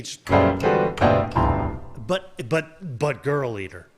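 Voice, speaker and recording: A man's voice: fairly high pitch, fairly bright tone. A man, a composer giving casual feedback on listener submissions, rambling and swearing, laughing often and restarting his sentences. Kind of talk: casual livestream critique.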